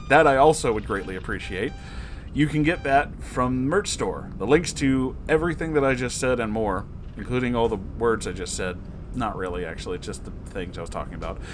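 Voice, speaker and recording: A man's voice: mid-range voice, a little hiss or hum. A man hosting his channel, reading a story aloud in a playful, chatty way.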